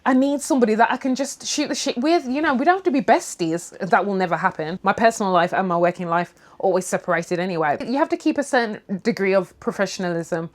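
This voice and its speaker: A woman's voice: medium pitch, fast, hardly any pauses. A young woman from the UK chatting candidly over tea, talking frankly, swearing casually and acting out little quotes. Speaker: vlogger.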